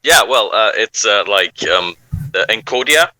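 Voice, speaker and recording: A man's voice: lowish voice, animated, measured pace, bright, forceful tone, dry recording, low-quality recording. A man from Belgium, a hobbyist voice actor, chatting and joking on a live podcast. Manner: joking, self-mocking, laughs often. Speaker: voice actor guest. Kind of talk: casual live podcast chat.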